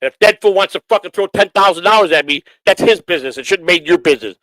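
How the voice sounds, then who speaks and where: A middle-aged man hosts his own livestream. He rants at critics in a combative, profane way. His voice sits a little high for a man and is recorded close and dry, with no room sound. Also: animated, fast, a bit bright, no room sound, low-quality recording. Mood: angry. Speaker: livestream host. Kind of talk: angry livestream rant.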